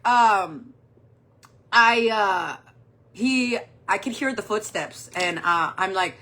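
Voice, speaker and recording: A makeup vlogger in her forties speaks slowly at medium pitch. She recounts a personal story while doing her makeup, animated, swearing freely, and acting out people's words.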